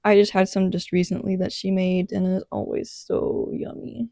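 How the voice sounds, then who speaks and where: A young woman casually narrating a sketchbook tour, relaxed and rambling with many fillers. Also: medium pitch, normal speed, no echo, clean studio sound. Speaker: artist vlogger.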